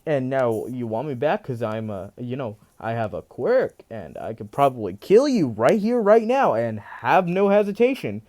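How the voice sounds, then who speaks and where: Guy doing a crazed young hero voice, loud and sneering, pitched up. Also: very animated, a little slow. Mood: bitter scorn. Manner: loud, mocking, laughing wildly. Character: unhinged young male hero, bitter and manic. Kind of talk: telling a fan story aloud.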